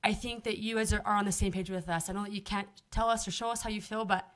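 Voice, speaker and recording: A woman giving public comment at a council meeting, making an earnest and steady appeal. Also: medium pitch, quick pace. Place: city council chamber.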